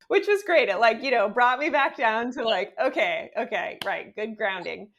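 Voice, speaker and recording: A woman author being interviewed, telling her story in a chatty, animated way with lots of "like"s. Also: on the high side, normal speed. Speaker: guest author. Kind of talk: casual interview talk. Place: home office in New York.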